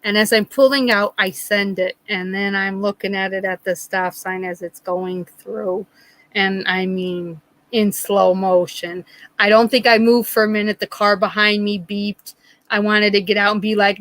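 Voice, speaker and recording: A middle-aged woman hosting a live chat, telling a funny story in a lively, laughing way. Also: medium pitch, unhurried, no room sound, low-quality recording. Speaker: livestream host.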